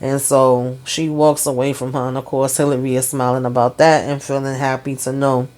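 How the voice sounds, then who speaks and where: A woman's voice: very deep voice, little pitch movement, moderate pace, darkish tone. A woman hosting a casual TV episode recap, chatty and talking straight to her viewers. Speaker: TV recap host.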